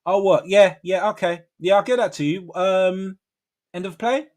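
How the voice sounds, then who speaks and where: A man's voice: high voice, moderate pace, voice pushed up, natural voice. A man putting on a chirpy, prim office-worker voice. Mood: chirpy polite. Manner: bright, pronounced and eager to please.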